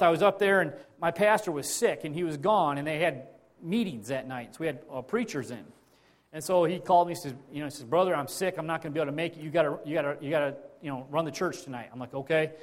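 A male pastor preaching in a loose, conversational storytelling manner. His voice sits a little higher than most men's, and he often repeats and restarts phrases as he goes. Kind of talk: sermon.

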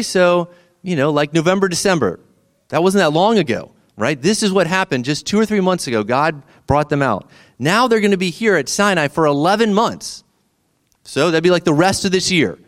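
A middle-aged man, preaching a sermon in a conversational way and asking the listeners questions. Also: fairly high pitch. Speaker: pastor.

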